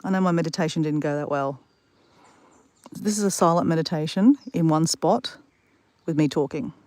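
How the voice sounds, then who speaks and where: A woman's voice: deep voice, normal speed, darkish tone, no room sound. A woman live-streaming outdoors in the bush, rambling through stories and talking straight to her chat. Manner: chatty, rambling storyteller talking straight to viewers. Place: outdoors in the bush beside water.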